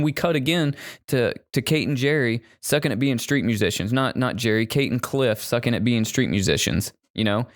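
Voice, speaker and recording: A man co-hosting a movie-review podcast, retelling scenes in a profane, animated way and mocking the characters. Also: mid-range voice, moderate pace, no room sound, clean studio sound. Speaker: podcast co-host. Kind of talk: casual movie-review chat.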